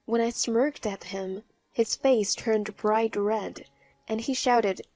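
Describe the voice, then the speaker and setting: Woman narrator for a first-person story; mellow, mocking edge. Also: a little high, takes it slowly, no echo. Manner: mocking, even-toned. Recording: faint background music.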